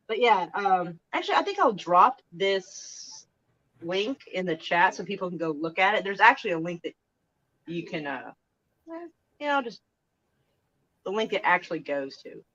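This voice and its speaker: A woman's voice: on the low side, animated, a little slow, long pauses, fairly bright tone, highs cut off. A woman chatting casually on a live stream, frank and rambling, often trailing off and restarting her thoughts. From Oklahoma.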